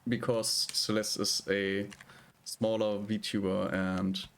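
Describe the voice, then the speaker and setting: Slow, gravelly-voiced male streamer. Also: fairly low pitch, little pitch movement, fairly bright tone. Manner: rambling, hesitant, chatty. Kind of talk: casual live-stream chat.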